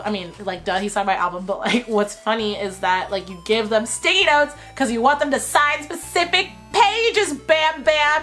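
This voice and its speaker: A young woman from Texas telling a casual storytime in a chatty, animated way, full of "like," her voice a bit worn from being sick. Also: on the high side. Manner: chatty, lots of filler likes, animated retelling. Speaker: vlogger.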